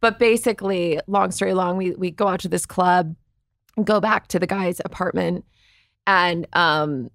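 A woman's voice: lowish voice, a little slow, creaky, fairly bright tone, no room sound, studio quality. A woman guest on a podcast, telling candid stories in a chatty way, filling her speech with "like" and acting out what people said. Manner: chatty, fills speech with "like", acts out quoted voices. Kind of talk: candid storytelling.

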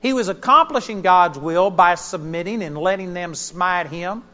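A man preaching a sermon to a church congregation, telling stories with animated emphasis. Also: high voice, moderate pace. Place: church auditorium during a live service. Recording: dull lo-fi sermon recording.

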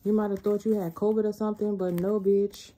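A woman's voice: medium pitch, flat delivery, brisk, very noisy. A woman giving a casual spiritual tarot reading, talking bluntly and profanely in a loose, rambling way. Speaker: tarot reader.

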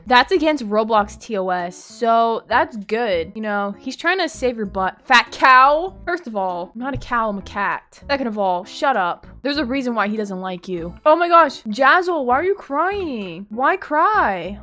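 A woman's voice: fairly high pitch, fairly bright tone. A young woman giving sassy, teasing commentary over her gameplay, swinging between mock outrage and giggles. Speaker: gaming YouTuber.

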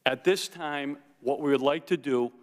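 A man testifying as a forensic investigator at a hearing, speaking with deliberate emphasis and repeating his key points. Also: on the high side, in a large hall. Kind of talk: prepared testimony. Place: congressional hearing room.

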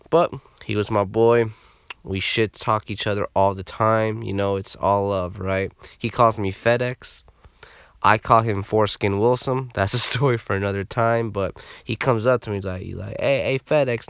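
Smooth low-voiced man telling a profane story. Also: no room sound. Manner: profane, animated, slangy. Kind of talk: casual storytelling.

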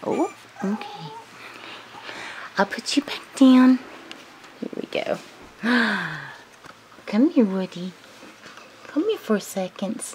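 A woman's voice: fairly high pitch, sing-song, slow pace, long pauses, a little mellow, a little hiss or hum. A woman cooing to her puppies in sing-song baby talk while filming them on a home video. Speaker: dog breeder filming puppies.

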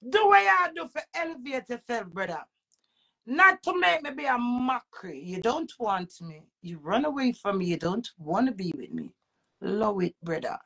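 Gravelly Jamaican woman ranting. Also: sing-song, normal speed. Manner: emphatic, preachy, swings between loud outbursts and low muttering. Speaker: social media personality. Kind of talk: ranting monologue to camera.

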